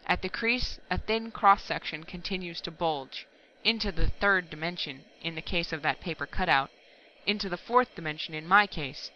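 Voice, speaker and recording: A woman reading aloud voices an angry, pompous male laboratory chief who shouts heatedly in bursts. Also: lowish voice, normal speed, lo-fi sound, a little hiss or hum. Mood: furious.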